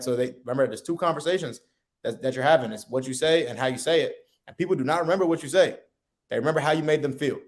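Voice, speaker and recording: A man talking through sales tips on a podcast in an easy, conversational way. His voice sits at an ordinary middle pitch. He loops back on his words and tags his points with a quick "right?". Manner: loose, repeats himself, says "right?" often. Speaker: co-host, sales coach. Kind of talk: casual podcast chat.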